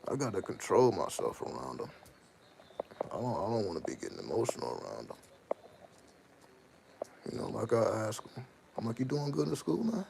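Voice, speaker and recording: A man talking casually to his viewers in a rambling, self-interrupting way, full of slang, over steady background noise. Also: on the low side, moderate pace, vocal fry, long pauses. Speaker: channel host. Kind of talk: casual personal monologue to viewers.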